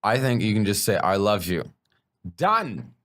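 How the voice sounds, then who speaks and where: A man's voice: fairly low pitch, a little fast, a little hiss or hum. A man, a stand-up comedian, talking frankly and bluntly in a casual podcast conversation, swearing freely.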